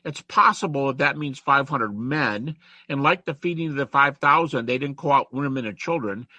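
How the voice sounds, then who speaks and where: A man's voice: mid-range voice, animated, normal speed, bright, forceful tone, no echo, dull audio. A man giving a conversational classroom lecture to students, reciting rhymes and verses as he goes.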